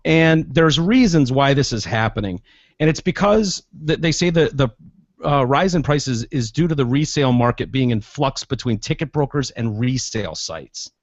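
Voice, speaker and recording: Animated male podcast host. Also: medium pitch, normal speed, no echo, lo-fi sound. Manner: animated, profane storyteller. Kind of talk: casual chat.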